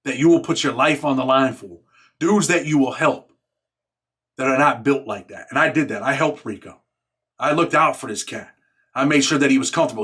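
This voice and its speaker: Brief: New man, blunt and streetwise, slightly high-pitched storyteller. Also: a bit bright, breathy edge. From New York. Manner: blunt, profane, street talk. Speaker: YouTuber recounting prison life. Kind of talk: casual storytelling monologue.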